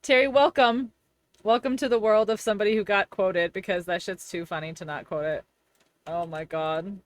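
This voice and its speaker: A woman's voice: mid-range voice, fairly even intonation, normal speed, dry recording. Giggly rambling woman streamer. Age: 30s. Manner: giggly, rambling, heavy use of "like". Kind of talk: casual live-stream chat while gaming.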